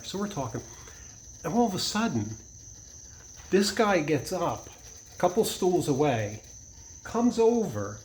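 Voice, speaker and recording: A man's voice: fairly high pitch, a little mellow, slight background noise, rough recording. A man telling a personal story in a casual vlog, rambling with many restarts and asides. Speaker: vlogger.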